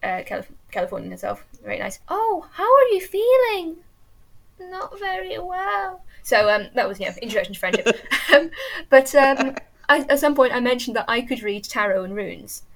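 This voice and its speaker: A woman's voice: mid-range voice, brisk, creaky, a bit bright. An English woman, a teacher, chatting enthusiastically as an interview guest and often restarting her sentences. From England. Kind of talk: casual chat.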